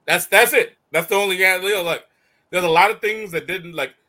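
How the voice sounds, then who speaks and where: A man's voice: high-pitched, fairly quick, over a noisy crowd. A man hosting a casual call-in talk show, riffing animatedly with frequent laughs. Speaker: host. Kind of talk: casual chat.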